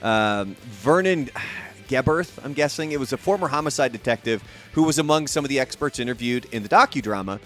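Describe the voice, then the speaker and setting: A man's voice: medium pitch, expressive, fairly quick, fairly bright tone, soft background music. A man co-hosting a podcast who chats casually and reads passages aloud from his notes. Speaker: podcast co-host.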